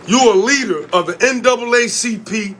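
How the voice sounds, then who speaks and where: Speaking in a very high, fairly bright voice at a moderate pace, with slight background noise, a Connecticut video poster and community organizer delivers a heated, profane rant straight to camera. He keeps hammering his points with repeated rhetorical questions.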